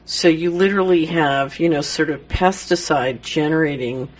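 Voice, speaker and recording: A man hosting a casual talk, relaxed and conversational. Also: on the high side, normal speed. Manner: relaxed, conversational, uses fillers. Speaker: host. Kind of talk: casual interview chat.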